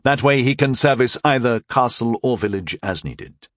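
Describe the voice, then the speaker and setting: A man's voice: mid-range voice, expressive, no room sound, studio quality, close to an everyday voice. A man voicing a formal, courtly knight. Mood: earnest. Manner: courtly archaic phrasing, measured. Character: formal, dutiful male knight advisor. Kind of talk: audiobook character voice.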